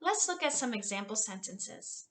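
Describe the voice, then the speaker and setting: A woman tutor teaching a language lesson over a headset mic, repeating each word slowly for her learners. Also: on the high side, sing-song, fairly bright tone. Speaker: Spanish tutor. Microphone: USB headset.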